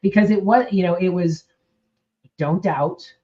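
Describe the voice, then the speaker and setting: Over dull, lo-fi audio, a podcast host reminisces in a low-leaning, dark voice at a measured pace. She's reflective and casual, performing remembered conversations.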